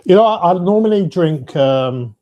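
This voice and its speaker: A British man appears as a guest on a watch talk show over a video call, describing wine tasting notes in a casual, halting way full of fillers and restarts. His voice is high-pitched, lively and dark in tone, at a normal speed, and the audio is lo-fi.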